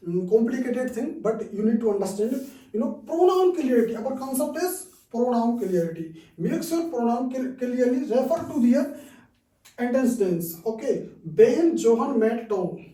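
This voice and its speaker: A man teaching a grammar lesson, repeating each example slowly with frequent "okay"s. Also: very high voice, mellow. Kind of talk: slow classroom explanation. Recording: roomy echo, distant mic.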